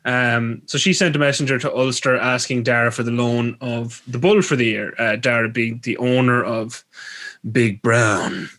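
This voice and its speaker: A man's voice: medium pitch, fairly even intonation, moderate pace, fairly bright tone. A man with an Irish accent hosting a podcast, retelling folklore with rambling, crude jokey asides. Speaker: podcast host. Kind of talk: comedic storytelling chat.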